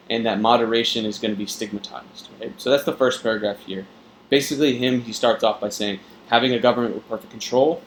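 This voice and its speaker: A man's voice: on the low side, slight background noise, low-quality recording. A man tutoring through a reading passage in a conversational way, with frequent fillers and tag questions. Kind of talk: test-prep reading explanation.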